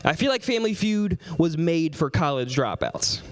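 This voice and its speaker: A young man performing stand-up comedy and working the crowd, animated and laughing often between lines. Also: fairly high pitch, normal speed. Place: stage before a live audience.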